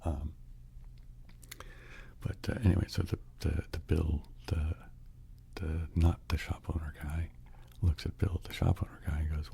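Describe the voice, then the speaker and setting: A man's voice: extremely low pitch, little pitch movement, a little slow, creaky, long pauses, dark tone, a little hiss or hum. A man telling a whispered ASMR bedtime story, rambling along with many fillers and restarts.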